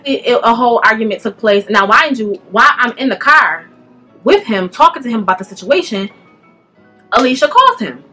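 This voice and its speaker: A young woman telling a casual storytime, animated and speaking straight to her viewers. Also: mid-range voice, brisk, faint music behind. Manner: animated, addresses viewers directly, slangy.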